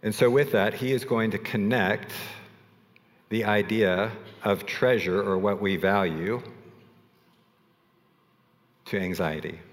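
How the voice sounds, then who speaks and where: A male pastor preaching in a relaxed, conversational way, telling stories with self-deprecating asides. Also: fairly low pitch, slow pace, pauses often, big-room sound. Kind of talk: sermon.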